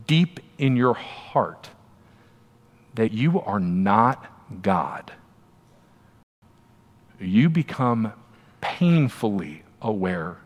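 A man, a pastor, preaching a sermon in a conversational, emphatic way, often turning to the listeners with quick asides. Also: fairly low pitch. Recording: long hall reverb.

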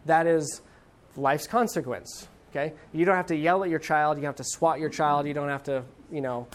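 A middle-aged man teaching a parenting class, talking in a loose, conversational way. He pauses often and fills gaps with ums and uhs. His voice becomes animated when he acts out a parent or a child. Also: on the high side. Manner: conversational, hesitant with fillers, animated when quoting.

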